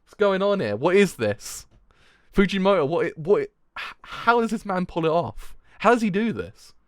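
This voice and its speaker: A young man hosting a live manga reaction and review, excitable, swearing freely and laughing often. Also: high voice, moderate pace, no echo, studio quality. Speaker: manga reaction channel host.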